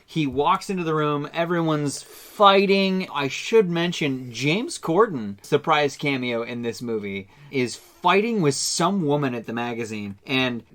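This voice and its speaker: A man's voice: a little high, expressive, measured pace, hardly any pauses, a bit bright. A man co-hosting a podcast, chatting casually and animatedly retelling film quotes. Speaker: podcast co-host. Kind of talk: casual chat.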